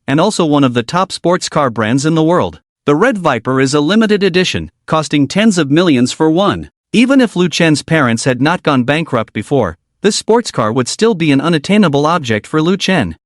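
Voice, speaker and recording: Male recap narrator, tone a bit high, lively delivery, dry booth. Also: moderate pace, few pauses, no room sound. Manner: reads every part in one steady narrating voice. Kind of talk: scripted narration of a comic recap.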